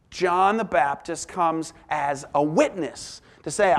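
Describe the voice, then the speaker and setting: A man preaching a sermon as pastor, reading scripture and explaining it, moving between emphatic exclamations and soft, hushed asides. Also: sits high, unhurried, hardly any pauses.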